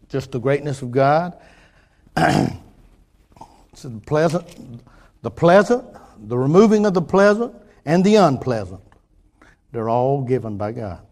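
An older man preaching a folksy sermon, restarting phrases and swinging from quiet asides to louder points. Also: mid-range voice.

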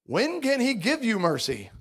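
A man's voice: extremely high pitch, wildly swooping pitch, moderate pace, husky. A man preaching a sermon in a conversational, confessional way. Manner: conversational, confessional, mimics voices in anecdotes.

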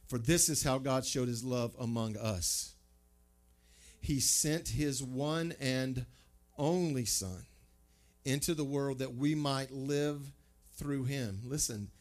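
A pastor preaching a sermon, conversational and emphatic, full of rhetorical questions. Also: male voice, medium pitch, slow pace, soft background music.

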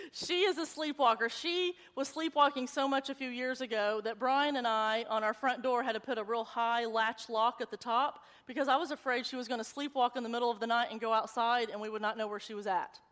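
A woman in her forties preaching a sermon in a church, animated and conversational, with a storytelling manner. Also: fairly high pitch, normal speed, long reverb tail.

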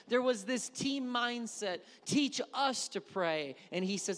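Pastor, male, high voice; emphatic sermon delivery with repeated key words, long hall reverb. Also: animated, normal speed, few pauses, a bit bright. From Wisconsin.

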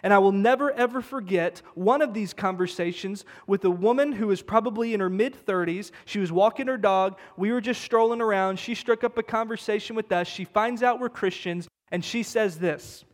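A man's voice: high voice, moderate pace, few pauses. A man preaching a sermon as pastor, emphatic and conversational, repeating words for stress. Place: church sanctuary. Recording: long church-hall reverb.

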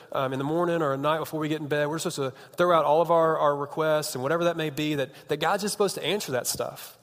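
A man's voice: mid-range voice, fairly bright tone. Joking preacher man in a reverberant hall. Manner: chatty, joking, self-interrupting. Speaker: youth pastor. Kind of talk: casual sermon. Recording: long reverb of a large hall.

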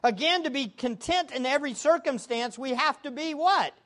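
Emphatic female preacher, high and very animated, call-and-response style. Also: normal speed. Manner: emphatic, asks the audience questions and answers them herself. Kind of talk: sermon.

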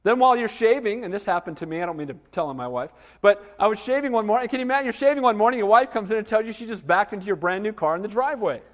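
High-voiced man preaching in a reverberant hall. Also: rapid-fire, few pauses. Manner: animated storytelling with asides to the congregation. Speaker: pastor. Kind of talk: sermon.

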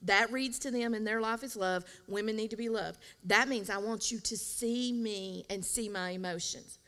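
A woman co-hosting a podcast, talking about marriage in an animated, emphatic way and laughing often. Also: medium pitch, normal speed. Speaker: podcast co-host, pastor's wife. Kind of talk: casual marriage advice chat.

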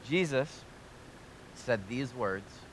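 A man preaching a sermon to a live congregation, energetic and joking, asking them questions directly. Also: mid-range voice, drawn-out words, a little hiss or hum. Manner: energetic, joking and talking straight to the audience. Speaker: pastor.

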